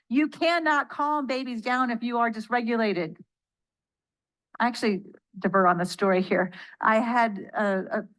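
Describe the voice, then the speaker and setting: Lively woman lecturing on a training course. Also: on the high side, rough recording. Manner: lively teaching, poses questions to the audience and answers them; acts out quoted speech in changing voices. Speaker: trainer leading an accredited course for educators.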